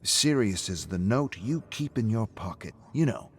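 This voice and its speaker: A man plays a blunt pub owner who cares and keeps probing in a steady, low voice. He sounds level and direct. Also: moderate pace. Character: blunt, caring male pub owner and friend.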